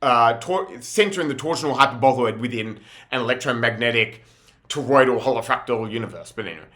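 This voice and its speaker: A man's voice: medium pitch, expressive, a little fast, a bit bright. A young man telling rambling, laughing, slangy stories in a casual monologue. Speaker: vlogger.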